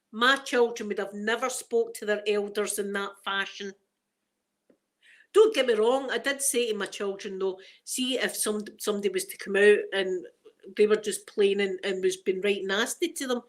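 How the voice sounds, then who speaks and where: A woman's voice: mid-range voice, moderate pace, a bit bright. A middle-aged woman with a Glaswegian Scottish accent, hosting a casual ASMR chat and rambling through stories full of local slang. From Scotland. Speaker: ASMR channel host.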